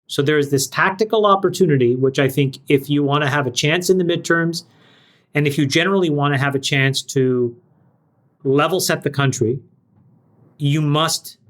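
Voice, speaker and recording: A man co-hosting a podcast panel chat, laying out his argument in an emphatic, measured way. His voice sits a bit higher than most men's. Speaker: podcast co-host.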